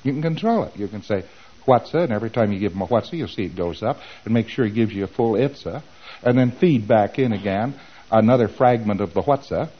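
A man's voice: on the low side, quick pace. Man lecturing on a dull lo-fi tape. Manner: animated, acts out both sides of dialogues. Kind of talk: informal lecture.

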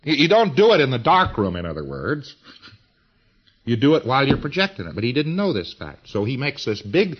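A man's voice: mid-range voice, wildly swooping pitch, fairly quick. Folksy man lecturing on old lo-fi tape. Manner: folksy and emphatic, with slang and repetition. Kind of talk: informal lecture.

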